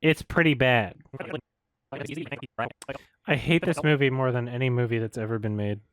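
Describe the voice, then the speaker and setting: A video reviewer rants in exasperation while editing his film review, laughing in disbelief, and his pitch jumps up when he's outraged. His fairly bright voice moves at a moderate pace, and the sound is clean with no echo.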